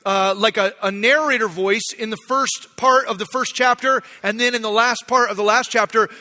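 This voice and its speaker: Middle-aged pastor guy, high bright voice, chatty sermon, big echoey church hall. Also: steady tone, normal speed. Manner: conversational, self-deprecating. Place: church sanctuary.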